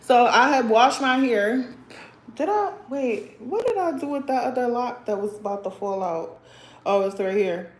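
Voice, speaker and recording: A woman's voice: on the high side, lively intonation, measured pace. A young woman hosting a casual livestream chat. She talks bluntly and with sass, often calls her viewers sir or girl, and laughs a lot. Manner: laughs often while talking. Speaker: livestream host. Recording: roomy echo.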